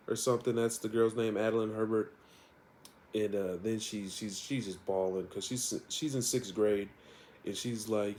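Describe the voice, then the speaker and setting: A man's voice: on the low side, fairly even intonation, normal speed, dark tone, a little hiss or hum. A man casually retelling a comic story in a rambling way, with lots of fillers and laughs. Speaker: comic reviewer.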